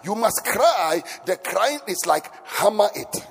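Man preacher, very high gravelly voice, swinging pitch, long hall reverb and faint music behind. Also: big pitch swings, slow pace. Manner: impassioned, shouting and chanting. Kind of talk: sermon.

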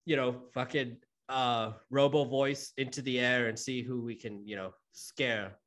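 A man's voice: mid-range voice, steady tone, measured pace, fairly bright tone. A young adult man, a guest chatting casually on a podcast, agreeable and loose with his swearing.

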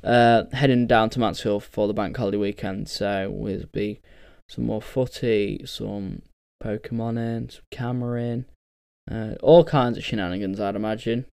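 A man's voice: lowish voice, steady tone, moderate pace, gravelly, darkish tone, clear, resonant tone, dry recording, clean studio sound. A man hosting a casual solo podcast, rambling and sweary, ranting in bursts. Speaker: podcast host.

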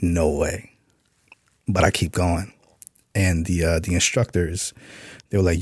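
A man's voice: deep voice, level tone, unhurried, pauses often, a little mellow, husky, no echo, clean studio sound. A man being interviewed on a podcast, telling a story in a laid-back way and swearing casually. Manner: laid-back, profane, full of "you know what I'm saying". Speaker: podcast guest, author and Army veteran.

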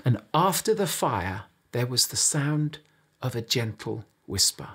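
Husky-voiced man preaching a sermon. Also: mid-range voice, big pitch swings, measured pace, fairly bright tone. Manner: conversational storytelling, speaking directly to listeners.

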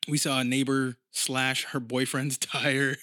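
A man's voice: mid-range voice, level tone, unhurried, sharp tone, no room sound, clean studio sound. A man in his thirties hosting a casual podcast monologue, rambling and swearing freely as he tells stories. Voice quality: profane, rambling storyteller. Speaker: podcast host.

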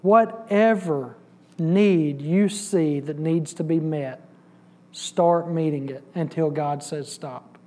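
A man's voice: fairly high pitch, slow pace, darkish tone. A man giving a testimony in church, storytelling and acting out the dialogue. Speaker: church bus ministry volunteer giving testimony. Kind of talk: sermon testimony.

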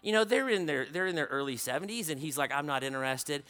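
A man preaching a sermon as a story, swinging from loud exclaiming to hushed, quiet narration. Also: on the high side, expressive, quick pace.

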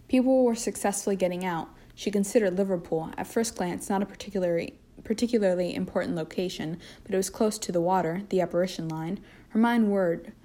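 A woman reads a story aloud in a slightly low, mellow voice. Her narration is steady and even. It suits relaxed listening. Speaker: reader. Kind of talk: fanfiction read-aloud.

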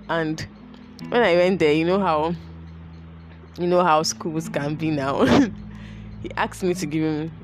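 A young woman tells a personal story, emotional, repeating her phrases and laughing between sentences. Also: medium pitch.

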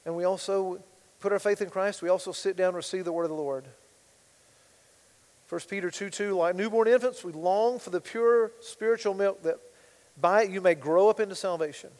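A man preaching a sermon as pastor, swinging between loud emphatic bursts and quiet asides. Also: high-pitched, brisk, long reverb tail, low-quality recording.

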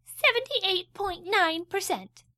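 A woman's voice: very high-pitched, slow, sharp tone, no echo, studio quality, voice pushed up, full character voice. A woman voicing a fussy know-it-all girl who speaks precisely.

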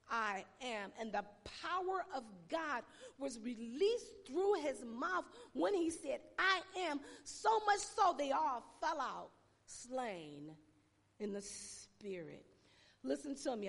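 A woman pastor preaching a sermon with emphatic pauses and shouted exclamations, her voice sounding tired. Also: a little high, lively intonation, in a large hall.

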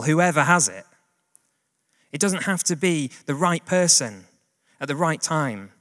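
A man's voice: on the high side, fairly bright tone. A man preaching a sermon in a conversational, plain-spoken way with casual asides. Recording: long hall reverb.

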